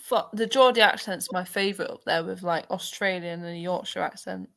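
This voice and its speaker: A woman's voice: on the low side, normal speed, vocal fry, a bit bright. A woman chatting playfully and casually on a football live stream panel.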